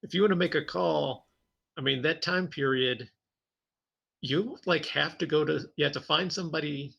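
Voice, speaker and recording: A man co-hosting a podcast, chatting casually about tabletop games and telling lively stories with frequent laughs. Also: on the high side, normal speed, vocal fry, breathy edge, highs cut off. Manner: animated storytelling, laughs often. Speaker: podcast co-host.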